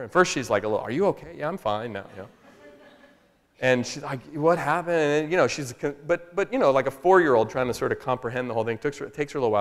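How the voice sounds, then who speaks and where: A man giving a motivational public talk, telling a personal story in an animated way. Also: mid-range voice. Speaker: motivational speaker. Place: public hall. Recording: long reverb of a hall.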